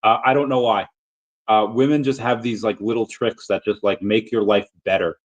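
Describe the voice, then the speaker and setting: A man's voice: fairly low pitch, steady tone, normal speed. Rambling man on a lo-fi stream. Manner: rambling, many fillers and restarts. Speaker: livestream host. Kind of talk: casual livestream chat. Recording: dull lo-fi audio.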